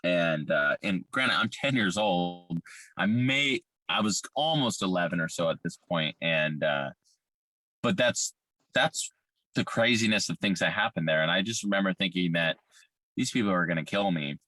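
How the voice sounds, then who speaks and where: Deep voiced guy telling his own story, candid and cussing a lot, lots of ums, bright edgy tone. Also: animated. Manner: candid, profane, halting with fillers. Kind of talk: personal testimony.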